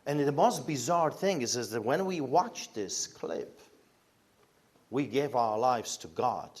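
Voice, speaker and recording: A man's voice: mid-range voice, lively intonation, takes it slowly, darkish tone. A man with a Polish accent, a pastor, telling his story in an interview with emphatic, fiery delivery and pointed rhetorical questions. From Poland.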